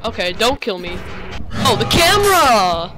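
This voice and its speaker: A young male gamer giving rambling, excitable commentary while playing, often breaking into sudden outbursts. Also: sits high, a little slow. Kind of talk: game commentary. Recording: faint music behind.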